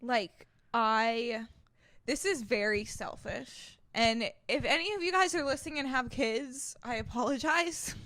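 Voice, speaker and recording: Chatty bright-voiced young woman. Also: on the high side, a little slow. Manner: chatty, giggly, filler-heavy. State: sleep deprived. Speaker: podcast co-host. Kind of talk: casual chat.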